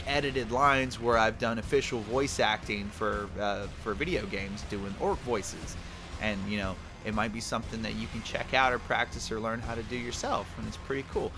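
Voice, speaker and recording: A man giving a casual, energetic tutorial on doing character voices. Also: mid-range voice, moderate pace, music in the background. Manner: energetic, chatty. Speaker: voice actor teaching a tutorial.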